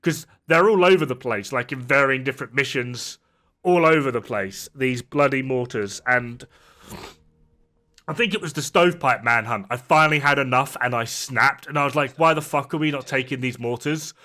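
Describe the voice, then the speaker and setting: A man's voice: mid-range voice, moderate pace, pushed and bright. A man ranting casually as a streamer, exasperated and sarcastic, swearing freely. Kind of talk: casual gameplay rant.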